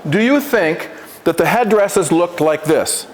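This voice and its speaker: A man's voice: high-pitched, expressive, unhurried, a crowd in the background. A man visiting a school as an Oneida presenter, teaching the class, often restarting words and asking them questions. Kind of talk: classroom presentation with call-and-repeat. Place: school room or hall. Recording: long hall reverb.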